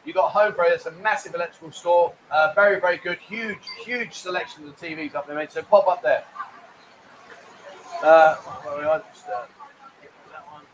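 A man's voice: fairly high pitch, fairly even intonation, normal speed, a bit bright, slight background noise, low-quality recording. Cheeky rambling male stream host. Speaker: live-stream show host. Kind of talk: casual live-stream chat, reading viewer comments.

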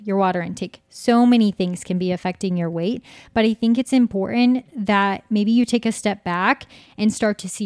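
A woman's voice: mid-range voice, a little mellow, no echo, studio quality. A woman dietitian speaking as a podcast guest, earnest and emphatic as she explains. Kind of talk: casual interview chat.

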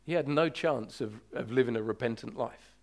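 A man preaching a sermon as pastor, emphatic and urgent, slowing to draw out key words for weight. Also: mid-range voice, gravelly.

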